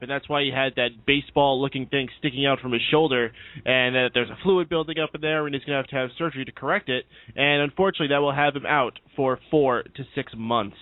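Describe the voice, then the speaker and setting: A man's voice: mid-range voice, dry recording. A man hosting a live internet radio post-show, talking in an upbeat, announcer-like way. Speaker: lead host. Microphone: internet call. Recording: dry tinny call audio.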